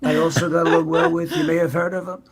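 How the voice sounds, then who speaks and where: A man's voice: fairly high pitch, level tone, husky. A man playing a boastful older male president, rambling from one brag to the next in a comedy impression clip. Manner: rambling bragging monologue, drawn-out superlatives.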